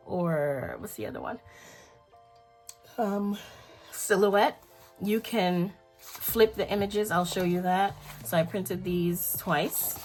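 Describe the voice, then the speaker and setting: A woman's voice: on the low side, darkish tone. A woman chatting casually while she sets up a planner at home, full of fillers, and she keeps drifting away from the mic as she hunts for supplies. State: yawning, tired. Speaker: planner video host. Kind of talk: casual talk while crafting.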